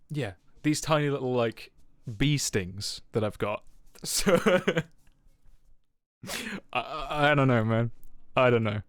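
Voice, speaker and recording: A young man streaming from his home setup tells his chat a rambling story, full of fillers and swearing. His voice is mid-range, and the clean studio sound has no room noise.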